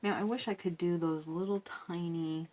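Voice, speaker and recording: A woman quietly talking herself through a craft project, muttering and joking at herself as she works. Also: fairly low pitch, steady tone, moderate pace, a little hiss or hum. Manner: soft-spoken, muttering to herself, self-deprecating. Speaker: crafting video host. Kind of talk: casual narration while crafting.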